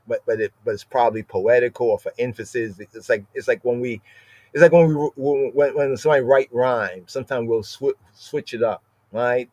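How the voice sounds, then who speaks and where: A man's voice: medium pitch, a little mellow, no echo. A man teaching an informal scripture lesson, repeating words and checking in with "right?" over and over. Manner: repetitive, asks "right?" constantly, spells out words. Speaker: Bible study teacher.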